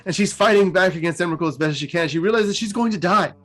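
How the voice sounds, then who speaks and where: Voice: mid-range voice, fast, a bit bright, faint music behind. A podcast host casually retelling fantasy game lore, rambling with many fillers and laughing at the jokes. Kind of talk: casual storytelling.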